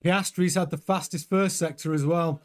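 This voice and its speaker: A man hosting a live race watchalong, chatting excitably over the timings with frequent stumbling restarts. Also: on the high side, normal speed. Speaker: host.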